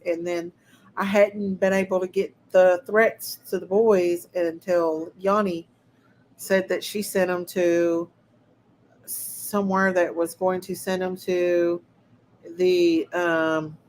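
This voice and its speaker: A woman hosting a casual livestream, speaking slowly and deliberately in a somewhat low voice. She talks straight to her chat viewers and sounds indignant and outraged. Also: slight background noise, rough recording. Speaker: livestream host.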